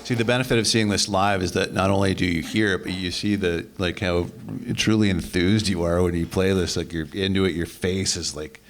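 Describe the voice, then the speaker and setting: A male host with a very deep voice interviews his guest live in a bar. He is enthusiastic and keeps nudging the guest toward the next story. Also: fairly even intonation, a little fast, hardly any pauses, slight background noise. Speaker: podcast host. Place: bar venue with live audience.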